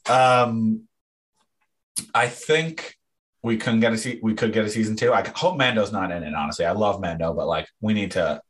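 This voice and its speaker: A man's voice: lowish voice, fairly bright tone. A young man co-hosting a casual fan chat, rambling with fillers and restarts. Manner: rambling, many fillers and restarts, laughs often. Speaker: podcast co-host.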